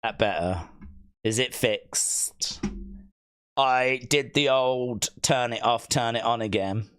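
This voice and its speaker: A man's voice: mid-range voice, slow pace, fairly bright tone, clear, resonant tone. A man hosting a live stream, chatting casually and rambling through fillers and restarts.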